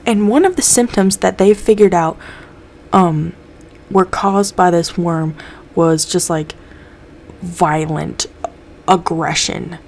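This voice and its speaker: A young woman chats through a TV episode recap in a loose, profane way, jumping into the characters' lines as she goes. Her voice sits a little low, and a faint hiss of background noise runs under it. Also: steady tone, takes it slowly, vocal fry, pauses often, a little mellow. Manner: loose, swears a lot, acts out characters' lines. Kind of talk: casual recap chat.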